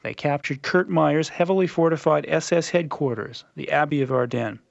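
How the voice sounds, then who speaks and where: A man reading scripted documentary narration in a measured, dramatic storytelling manner. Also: on the high side, vocal fry, dry recording. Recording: muffled lo-fi radio recording.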